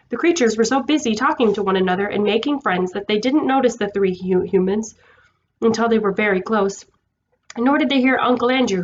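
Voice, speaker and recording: A woman reading a children's storybook aloud, gentle and with small stumbles. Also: medium pitch, dull audio, slight background noise.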